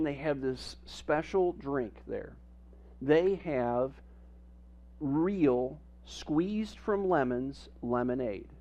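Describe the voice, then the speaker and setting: A man preaching a sermon as pastor, telling family stories with humor and animated emphasis. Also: on the high side, highs cut off. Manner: storytelling with humor, animated and lively.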